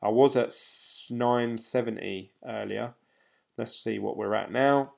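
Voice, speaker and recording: A man's voice: medium pitch, unhurried, creaky, darkish tone. A man hosting a casual livestream. He talks in a loose, rambling way and answers viewers' comments as he goes. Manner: rambling, chatty, loose and informal. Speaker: crypto livestream host.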